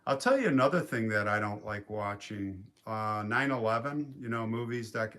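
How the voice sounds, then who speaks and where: A man hosting a casual live stream from a quiet home in the woods, rambling and reading viewer comments aloud. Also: on the low side, moderate pace. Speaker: livestream host.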